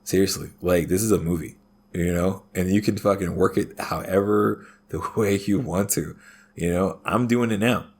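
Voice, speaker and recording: A man's voice: low-pitched, fairly even intonation, moderate pace, a little mellow, slight background noise. A man talking as a podcast guest in a profane, ranting way, punctuating his points with "right?". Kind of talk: casual podcast conversation.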